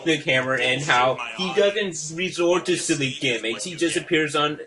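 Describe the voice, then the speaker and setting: A man hosting a rebuttal video, asking calm, reasonable questions. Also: a little high, moderate pace, a crowd in the background. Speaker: response video host. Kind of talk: rebuttal commentary.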